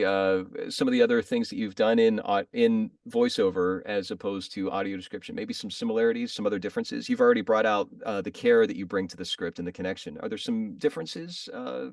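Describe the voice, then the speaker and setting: A man's voice: fairly low pitch, creaky, darkish tone, no echo, studio quality, distant mic. A man hosting an interview, asking rambling, self-correcting questions and laughing often. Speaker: podcast interviewer.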